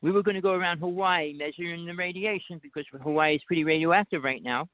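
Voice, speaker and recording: A man's voice: on the high side, quick pace, dry recording. Insistent man with a Jersey accent on a phone line. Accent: New Jersey. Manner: insistent, talks over the other speaker. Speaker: guest. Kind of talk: rambling phone conversation. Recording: dry tinny phone line.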